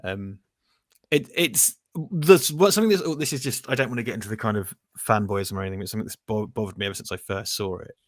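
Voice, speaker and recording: A man's voice: on the low side, quick pace, dry recording, studio quality. A man co-hosting a casual film review chat, thinking aloud in loose, rambling sentences and swearing casually. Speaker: podcast co-host.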